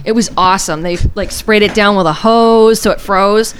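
A woman co-hosting a podcast chats casually, telling a story in a teasing, talkative manner. Her voice is mid-range and her pace moderate.

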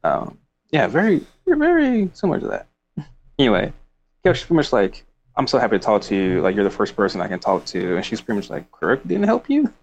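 A man's voice: lowish voice, big pitch swings, a little fast, muffled recording. A man casually discussing a book, reading passages aloud and rambling with laughs. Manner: rambling, with frequent fillers and laughs.

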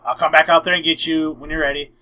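A man's voice: on the high side, fast talker, poor audio. A young man hosting a casual podcast, telling a long story and acting out the quotes with lots of "I'm like". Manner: animated, acts out quotes, frequent "I'm like". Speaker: podcast host.

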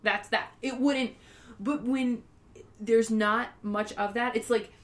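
A woman's voice: fairly high pitch, fairly even intonation, slow. A woman co-hosting a podcast in casual chat, thoughtful and searching for her words. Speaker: podcast co-host.

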